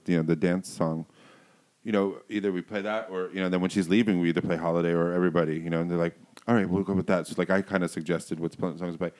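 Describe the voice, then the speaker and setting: A man, a DJ guest, chatting casually and telling rambling, animated stories. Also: low-pitched. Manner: rambling, trails off, animated storytelling. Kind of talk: casual chat.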